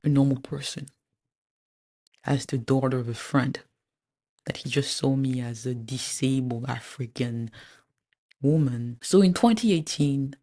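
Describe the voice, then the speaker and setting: Woman lawyer, measured slow testimony, some vocal fry, pauses often. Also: extremely low pitch, darkish tone. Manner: measured, deliberate, with frequent pauses and fillers. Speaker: lawyer recounting a personal legal dispute. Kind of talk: personal testimony, spoken slowly with pauses.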